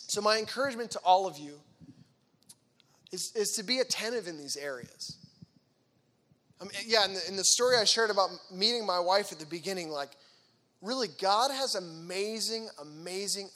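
A man in his thirties speaks to teenagers in a lively, conversational faith talk, slipping into acted-out voices for the people he quotes. His voice sits high for a man and has a bright, forward edge. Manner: animated, acts out voices in quoted dialogue; chatty and conversational, with frequent fillers. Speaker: youth speaker.

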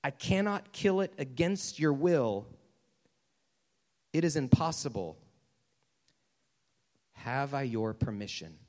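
A man voicing a calm, solemn male angel of fire who speaks slowly and insists. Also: medium pitch, big-room sound. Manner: slow, grave, insistent.

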